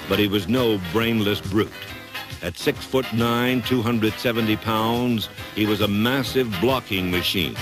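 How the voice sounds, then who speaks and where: A man giving dramatic, measured scripted documentary narration. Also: lowish voice. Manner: dramatic, measured, emphatic delivery. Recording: narration over loud music score.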